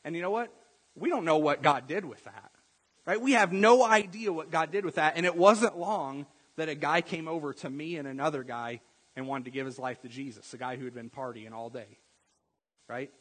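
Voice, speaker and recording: A man preaching a sermon in a conversational storytelling way, often checking in with the congregation with a quick "right?". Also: a little high, a bit bright, breathy edge, in a large hall, rough recording. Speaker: pastor.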